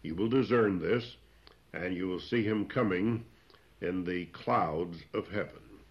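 Low-voiced male preacher, plain and deliberate, pauses often, on a muffled old recording. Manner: plain-spoken, explains old scripture wording, frequent "uh" pauses. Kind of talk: expository sermon. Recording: dull lo-fi recording.

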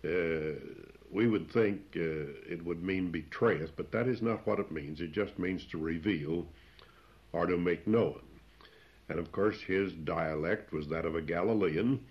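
A man preaching an expository sermon, explaining old scripture wording in plain speech with frequent pauses. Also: deep voice. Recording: dull lo-fi recording.

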